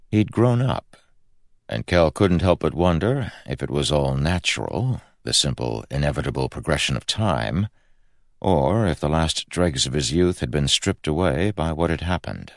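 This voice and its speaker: A man narrating a fantasy novel as an audiobook, measured and expressive. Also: extremely low pitch, gravelly, dry recording, studio quality. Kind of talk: scripted narration.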